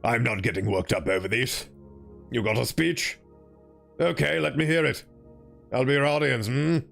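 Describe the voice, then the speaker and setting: A man's voice: vocal fry, fairly bright tone, faint music behind. A man voicing a bitter, tired young man who talks down to others with cold contempt. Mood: weary. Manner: cold, contemptuous, slow and low.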